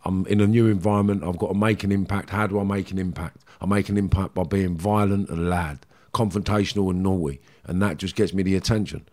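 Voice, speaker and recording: A man's voice: sits low, fairly even intonation, a little fast, hardly any pauses, a little mellow. A middle-aged man with a Cockney accent, bluntly recounting his past in a rambling interview. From London, England. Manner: blunt, rambling, frequent "do you know what I mean". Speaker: guest. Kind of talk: candid interview storytelling.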